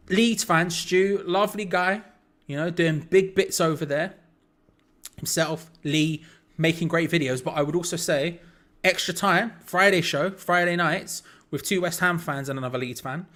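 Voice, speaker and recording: A young man commentating a match live for an online audience, talking casually. His voice sits a little high, and he chats to viewers between bits of play, with the odd frustrated aside. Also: fairly bright tone. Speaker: watch-along host.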